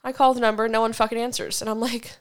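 A woman's voice: a little high, clear, resonant tone. A woman in her twenties, a podcast co-host, telling a story in a casual chat, swearing freely and laughing as she goes. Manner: profane, animated storytelling with quick laughs.

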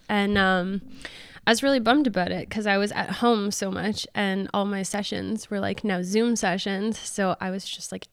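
A woman's voice: mid-range voice, vocal fry, clear, resonant tone, dry recording. A woman singer and songwriter, a guest chatting casually and swearing freely in an interview.

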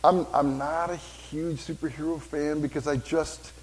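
A pastor preaching a sermon in a church, talking casually with asides and questions for the congregation. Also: male voice, a little high, fairly even intonation, a little slow, a little mellow, low-quality recording.

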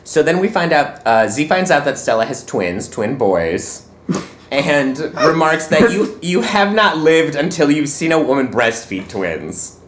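A man's voice: on the high side, sing-song, a little slow, a little hiss or hum. A man from Poland co-hosting a podcast, recapping a movie with wry, dry jokes in a casual chat. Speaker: podcast co-host.

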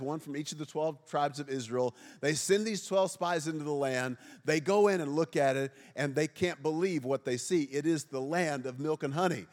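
A middle-aged pastor preaches to his congregation in a light, self-mocking way, tossing questions out to the room. His voice is slightly higher than most men's. The sound carries a long reverb from a large church hall. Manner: joking, self-deprecating, quizzes the congregation. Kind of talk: humorous sermon. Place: church sanctuary before a congregation.

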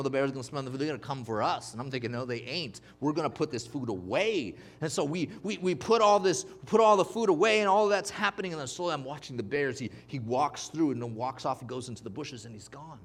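High-voiced man preaching with fervor. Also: fast talker, hardly any pauses, fairly bright tone. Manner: emphatic call-and-response preaching. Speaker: pastor. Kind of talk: sermon.

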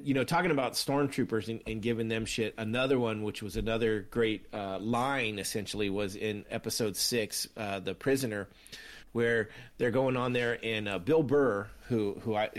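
Dude co-hosting a show, animated storyteller, keeps restarting sentences. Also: male voice, fairly low pitch. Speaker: podcast co-host. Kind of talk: casual chat about a TV series.

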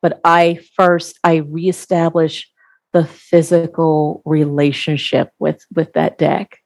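A woman speaking as an interview guest, slow and earnest, halting and restarting as she reflects. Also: deep voice, flat delivery, darkish tone, dry recording.

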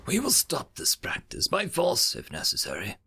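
A man's voice: a little high, huge pitch swings, normal speed, gravelly, sharp tone, slightly rough, voice pushed up, heavily acted. A man reading an audiobook and voicing an indignant, bird-like alien ambassador accusing his rival. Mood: outraged. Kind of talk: audiobook character voice.

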